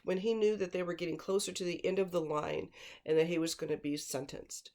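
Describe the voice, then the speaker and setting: This blunt true-crime commentator speaks in a mid-range, darkish voice at a fairly quick clip. The casual commentary is emphatic, repeating words for stress, and rambles through digressions and fillers.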